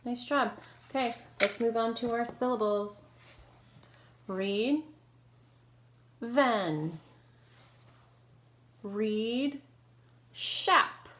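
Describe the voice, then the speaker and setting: A woman teacher leading an online phonics lesson, modeling sounds clearly and slowly and praising her students. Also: on the high side. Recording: echoey room with faint noise.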